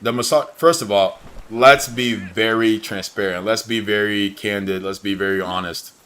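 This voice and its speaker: A man's voice: lowish voice, steady tone, normal speed, a bit bright. A young man livestreaming a game, chatting in a slangy, blunt way and saying "bro" a lot. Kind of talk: casual chat while gaming.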